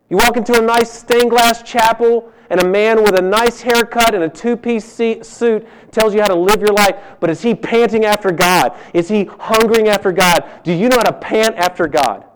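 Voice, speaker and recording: Emphatic preacher, high-pitched man. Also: moderate pace, hardly any pauses, noisy background. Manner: emphatic, swings from loud urging to hushed. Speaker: pastor. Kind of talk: sermon.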